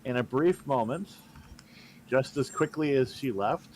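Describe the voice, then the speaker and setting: A man's voice: medium pitch, expressive, a little mellow, a little hiss or hum. Man narrating a casual tabletop game. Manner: casual, halting narration with many fillers. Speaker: game master.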